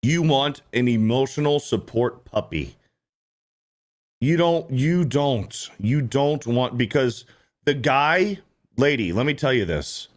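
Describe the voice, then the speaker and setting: A male host delivers blunt, profane reaction commentary, his pitch swinging widely as he rants. He talks in an animated, mid-pitched voice. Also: a little slow.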